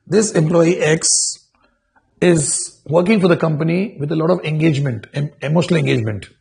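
A man's voice: on the high side, brisk, vocal fry, a little mellow. A male corporate trainer, giving a training lecture full of rhetorical questions and restarts.

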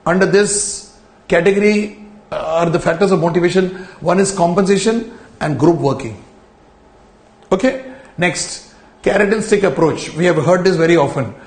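A male lecturer explains ideas to a class. His voice sits a little high for a man. He repeats words and tells students to underline terms, and the room gives his voice a strong echo.

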